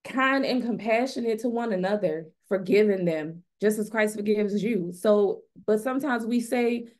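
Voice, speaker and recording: A woman's voice: medium pitch, normal speed, a little mellow. A woman on a faith panel, speaking earnestly and building her point through repeated rhetorical questions. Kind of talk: faith-based panel talk. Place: event stage.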